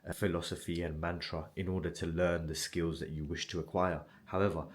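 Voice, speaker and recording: A man's voice: deep voice, level tone, fairly quick. A man giving a blunt, casual motivational talk straight to the viewer, swearing freely and often asking "right?". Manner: blunt and swearing, direct address with frequent "right?". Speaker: motivational self-improvement creator.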